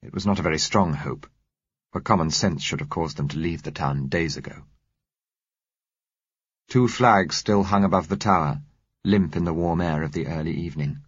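A man narrating an audiobook in a measured, even storytelling manner. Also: low-pitched, breathy edge, dry recording. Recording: dull, muffled recording.

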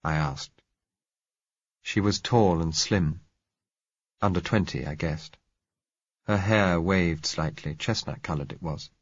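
A man narrating a story in the first person, in a measured, reflective way. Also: low voice, breathy edge, no room sound. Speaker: audiobook narrator. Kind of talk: scripted narration. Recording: dull lo-fi recording.

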